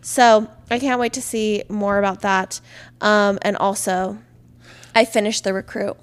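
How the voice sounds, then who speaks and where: A woman's voice: medium pitch, fairly even intonation, unhurried, smooth. A young woman in her twenties co-hosting a chatty podcast, with a mid-range voice. She sounds bubbly and enthusiastic and uses a lot of casual slang. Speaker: podcast co-host. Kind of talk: casual chat.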